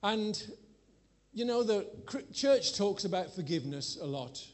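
A preacher with a fairly high voice delivers a sermon to a live congregation. He tells a frank personal story with self-mocking humor, sometimes dropping to a near mutter and sometimes rising to a loud, exaggerated plea. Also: measured pace. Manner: candid, self-mocking storytelling with lively swings in loudness.

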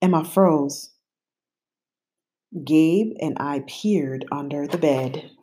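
A woman reading a children's picture book aloud in an expressive, unhurried way. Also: low-pitched, slight background noise. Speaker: storyteller.

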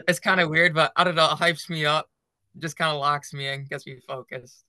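A man's voice: fairly high pitch, fairly even intonation, moderate pace, sharp tone, no echo. A young man co-hosting a running podcast, chatting casually and filling his talk with "like". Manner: filler-heavy, lots of "like". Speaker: podcast co-host. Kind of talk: casual chat.

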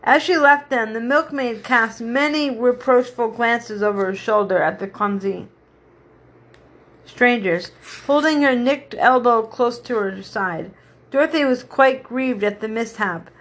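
A woman's voice: fairly high pitch, a little slow, fairly bright tone. A woman reading a children's story aloud, unpolished, going back to fix slips and restart lines. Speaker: reader.

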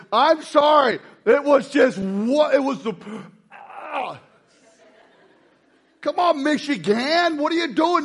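High-voiced joking preacher man. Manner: joking, energetic, shouts to rouse the crowd. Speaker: pastor. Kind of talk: lively sermon to a congregation.

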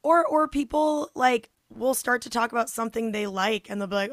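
A young woman co-hosting a podcast in casual chat, animated, acting out quoted voices and swearing freely. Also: on the high side, normal speed, dry recording. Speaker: podcast co-host.

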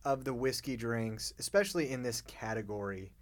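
A man's voice: mid-range voice, expressive, moderate pace. A man co-hosting a casual podcast, asking questions and adding short comments. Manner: asks questions and chimes in with short remarks. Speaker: podcast co-host. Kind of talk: casual chat.

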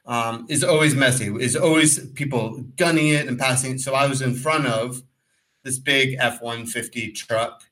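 A man co-hosting a podcast, telling a rambling, animated story in casual talk and acting out the voices in it. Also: medium pitch, normal speed, poor audio. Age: adult, former pro cyclist. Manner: rambling, animated, acts out quotes. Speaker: podcast co-host.

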